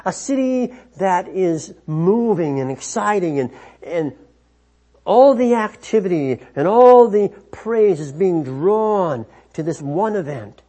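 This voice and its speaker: Slow, husky male preacher. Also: high-pitched, expressive, mellow. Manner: slow, measured, with frequent restarts. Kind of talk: sermon.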